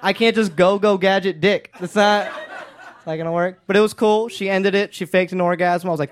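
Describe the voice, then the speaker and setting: A man doing a deadpan, self-mocking stand-up set on a club stage with a handheld mic. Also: high voice, moderate pace. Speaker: stand-up comedian. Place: comedy club stage before a live audience.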